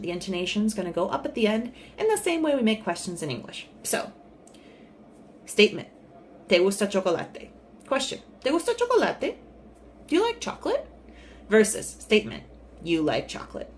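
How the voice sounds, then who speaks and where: Friendly woman teacher going thru it step by step, slight noise behind her. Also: medium pitch. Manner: friendly, explains step by step with examples. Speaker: Spanish teacher. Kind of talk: casual video lesson. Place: recording in a city in Central America.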